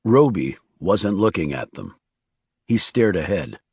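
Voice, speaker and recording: Guy reading a thriller audiobook, lowish voice, calm and even, dry close mic. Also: unhurried, husky, no echo. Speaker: audiobook narrator. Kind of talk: scripted narration.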